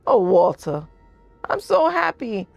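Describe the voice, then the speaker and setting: A woman's voice: fairly high pitch, sing-song, slow, gravelly, a little mellow, dry recording, highs cut off, soft background music, heavily acted. A woman voicing a blunt, folksy 1940s wife in her thirties who is fed up with her husband. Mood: excited.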